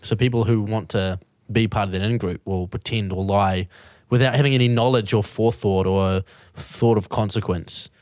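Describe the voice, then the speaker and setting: A man's voice: fairly low pitch, steady tone, normal speed, few pauses, darkish tone, no echo, studio quality. A man, hosting a podcast in casual chat, talking in loose, rambling runs with restarts and the odd swear word. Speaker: podcast host.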